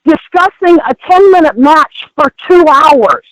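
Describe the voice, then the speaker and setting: An older woman, a former wrestler, chatting as a podcast guest and telling animated, emphatic stories. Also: sits high, a little slow, no room sound, rough recording. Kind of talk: casual podcast chat.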